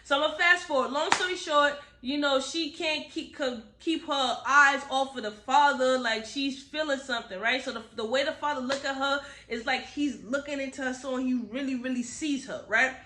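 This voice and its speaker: A woman's voice: high-pitched, normal speed, hardly any pauses, bright, forceful tone, echoey room, slight background noise. A young woman in a casual book review chat. She is chatty and candid, uses slang, drifts off topic and keeps checking in with "right?".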